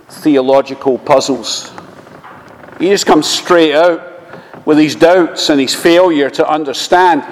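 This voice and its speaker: A man preaching a sermon, speaking slowly and measuredly, often quoting scripture. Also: a little high, darkish tone. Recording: long reverb of a large hall.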